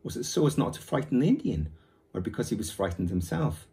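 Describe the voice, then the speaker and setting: A male primary school teacher reads a children's novel aloud to his class. His fairly low voice rises and falls a great deal as he tells the story. He sounds engaged and expressive. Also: fast talker.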